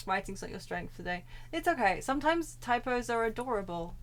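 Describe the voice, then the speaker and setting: A woman's voice: a little high, lively intonation, fairly quick. A woman streaming a game, chatting casually in a playful, teasing way. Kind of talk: casual let's-play chat.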